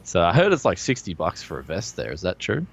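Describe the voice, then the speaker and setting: Australian male co-host, deep voice, jokey and laughing, dull lo-fi stream audio. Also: wildly swooping pitch, brisk, gravelly, slight background noise. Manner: laughs often, joking. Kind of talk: casual stream chat.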